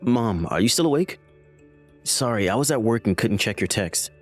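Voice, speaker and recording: A man's voice: lowish voice, lively intonation, moderate pace. A man voicing a defensive, dismissive grown son. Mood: casual. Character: defensive lying adult son. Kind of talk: text-message story read aloud. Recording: soft music behind.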